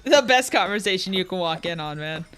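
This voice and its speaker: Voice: mid-range voice, expressive, brisk, a bit bright, a little hiss or hum. A streamer chatting casually while playing, blunt and swearing freely as they talk to chat.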